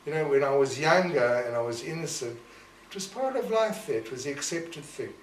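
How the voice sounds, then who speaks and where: A man's voice: medium pitch, expressive, fairly quick. An older man from Rhodesia, reflectively telling family stories in an oral history interview. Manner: reflective, storytelling, acts out family quotes. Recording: roomy echo, distant mic, faint noise.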